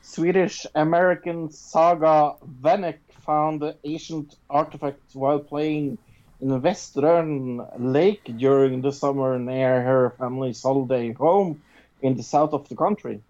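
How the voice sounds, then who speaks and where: A woman with a low, mellow voice co-hosts a casual news podcast. She talks loosely, with plenty of fillers. The recording sounds dull and lo-fi. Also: fairly even intonation, unhurried. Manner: casual, filler-heavy, swears offhandedly. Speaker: podcast co-host. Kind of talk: casual chat and reading news stories.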